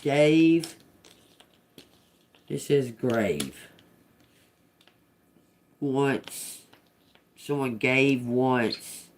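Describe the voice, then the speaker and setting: On a live-streamed tarot reading, a woman with an extremely low voice sounds out single words as she mulls them over, then slips into chatty, profane asides and laughs. The audio carries a little hiss or hum.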